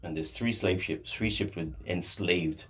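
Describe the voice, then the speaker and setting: A man's voice: low-pitched, a little slow. A man guesting on a radio talk show, patiently explaining ideas with examples like a teacher, his voice a little distant from the mic in a studio. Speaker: guest lecturer on African history.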